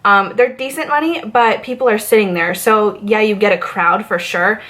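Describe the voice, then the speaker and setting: A woman from Massachusetts, telling a storytime rant about her bartending days in a chatty, animated way full of fillers. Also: mid-range voice, normal speed. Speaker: vlogger, former bartender.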